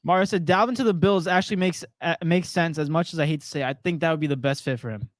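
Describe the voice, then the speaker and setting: A young man co-hosts a casual sports podcast with a slightly high voice. He laughs often while reading viewer comments aloud. The sound is close and dry. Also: quick pace, no room sound. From Portuguese family. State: frog in his throat. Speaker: podcast co-host.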